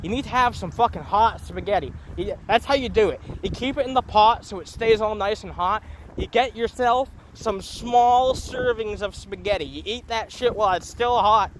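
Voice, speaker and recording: A man's voice: high-pitched, normal speed, a little hiss or hum. A young man ranting into his phone on a solo livestream, rambling, profane and mocking himself. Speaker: streamer.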